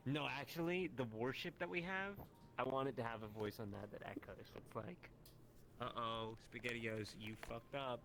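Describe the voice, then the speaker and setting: A man's voice: medium pitch, a little fast, creaky, background noise. A man in a casual roleplay chat, talking eagerly and playfully.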